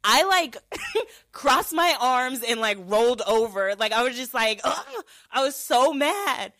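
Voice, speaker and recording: A young woman hosting a podcast, telling a story in casual chat with lots of fillers and animated replays of her own thoughts. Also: a little high, measured pace, no room sound. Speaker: podcast host.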